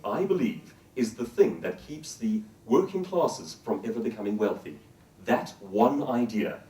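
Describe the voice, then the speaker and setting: Speaking to a live audience, a male professional speaker gives a motivational talk in an expressive, emphatic, swooping style, often putting questions to the crowd. His medium-pitched voice is mellow and dark. It's picked up from some distance off the mic, with the echo of a large hall.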